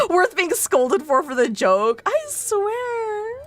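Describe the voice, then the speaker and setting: A woman's voice: high-pitched, fairly bright tone. A young woman with a Californian accent, streaming a game in casual, giggly chat. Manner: giggly, playful, laughs often.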